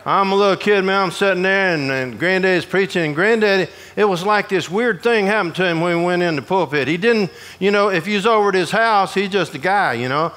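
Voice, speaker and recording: Bright-voiced preacher telling stories. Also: male voice, sits high, brisk, few pauses. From Georgia, US. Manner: folksy, animated, acts out voices in his stories. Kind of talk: humorous storytelling sermon. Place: prison hall, with an audience.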